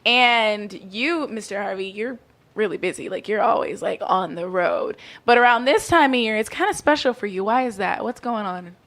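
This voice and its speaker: A woman's voice: medium pitch, expressive, normal speed, a bit bright. Chatty woman radio host. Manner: chatty, fills with "like". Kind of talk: casual interview.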